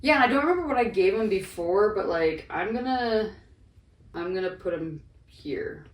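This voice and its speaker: A woman's voice: mid-range voice, animated, normal speed. Chatty woman in an echoey room. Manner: chatty, lots of "like" fillers. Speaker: co-host ranking characters. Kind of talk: casual chat. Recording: echoey room, distant mic, faint noise.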